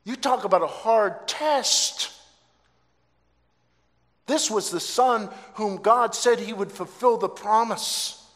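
A man's voice: sits high, slow, long pauses, fairly bright tone. A man preaching a sermon, telling a story dramatically and with emphasis. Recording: long hall reverb.

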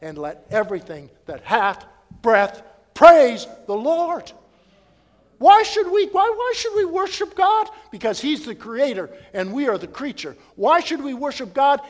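A man preaching a sermon as pastor, swinging from loud emphatic preaching to hushed prayer in a church sanctuary. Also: very high voice, in a large hall.

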